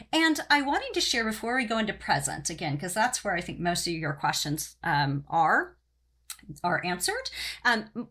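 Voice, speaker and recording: A middle-aged woman from Oklahoma hosting her podcast in a casual, rambling chat, often pausing on "um" and "you know". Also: mid-range voice, a bit bright. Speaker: podcast host.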